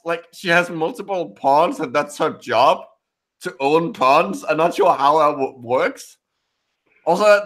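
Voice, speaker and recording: Giggly man with a lively voice. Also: high-pitched. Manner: giggly, stumbling, self-mocking. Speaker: host of a video review stream. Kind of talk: casual banter, reading aloud.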